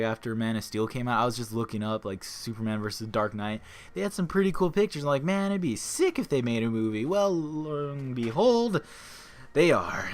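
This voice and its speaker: A young man talking casually and excitedly while playing a game, rambling and repeating himself. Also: mid-range voice. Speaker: gaming YouTuber. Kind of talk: casual excited monologue over gameplay.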